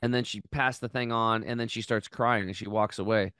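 Man, podcast host, smooth clear voice, dry close sound, earnest storytelling, frequent restarts. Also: fairly low pitch, a little fast, dry recording. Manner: earnest, animated retelling with many restarts. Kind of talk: emotional storytelling.

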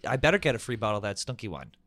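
A man's voice: lowish voice, big pitch swings, rapid-fire, fairly bright tone, no echo, clean studio sound. A man chatting as a podcast guest, brash, raunchy and playful. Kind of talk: casual chat.

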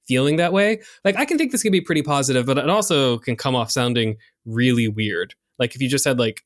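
A man co-hosting a podcast, talking frankly and casually about sex with lots of fillers. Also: on the high side. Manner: chatty, frank, filler-heavy. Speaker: podcast co-host.

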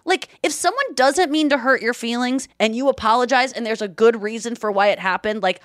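A woman hosting a podcast, chatting casually and retelling scenes with bits of acted dialogue. Her voice sits a little high. The sound is dry and close to the mic. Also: brisk, hardly any pauses, no room sound. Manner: animated storytelling, acts out quotes. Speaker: podcast co-host.

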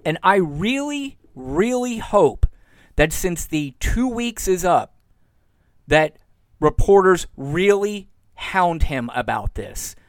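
A man's voice: sits high, sing-song, slow pace, no echo. A man from Florida hosting a solo political podcast from home, sarcastic and getting worked up as he goes. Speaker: podcast host. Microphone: home recording mic.

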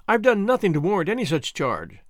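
A man's voice: high-pitched, very animated, brisk, no room sound, clean studio sound, pitched above the performer's own voice. A man voicing a polite, earnest young man speaking formally to officers. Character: polite, quick-witted young male cyclist.

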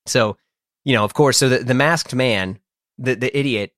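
A man's voice: medium pitch, normal speed, fairly bright tone, no room sound, clean studio sound. A man casually telling a personal story, rambling and poking fun at himself. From United States. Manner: rambling, self-deprecating, full of fillers and restarts.

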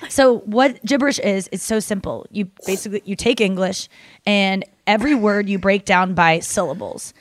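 A woman's voice: mid-range voice, normal speed. A young woman hosting a podcast, chatting casually with friends, rambling and explaining things with lots of fillers and the odd swear word. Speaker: podcast host. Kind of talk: casual chat.

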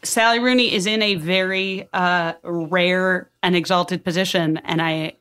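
A young woman hosting a casual book discussion, thinking out loud with frequent restarts. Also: lowish voice, measured pace, smooth. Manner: thinks aloud with restarts, animated.

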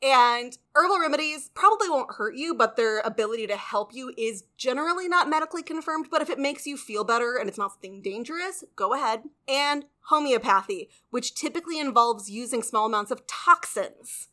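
A woman's voice: a little high, expressive, bright, forceful tone. A woman co-hosting a podcast, explaining facts in a casual way with playful asides. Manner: informative, quick asides, playful jokes. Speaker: podcast co-host.

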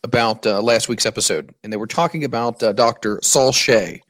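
A man hosting a podcast, chatting in a relaxed way, giving shout-outs and putting questions to his co-host. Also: mid-range voice, fairly quick, dry recording. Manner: easygoing, chatty, thanks listeners. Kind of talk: casual podcast chat.

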